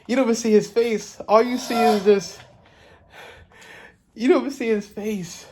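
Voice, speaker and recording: A man talking casually as a trailer reaction vlogger, hyped and excitable, swinging between laughing outbursts and quieter musing. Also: high-pitched, moderate pace, a little hiss or hum.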